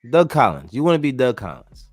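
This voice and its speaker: A man hosting a casual sports podcast, talking in an animated, slangy, joking way. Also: mid-range voice, fairly quick. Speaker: podcast host.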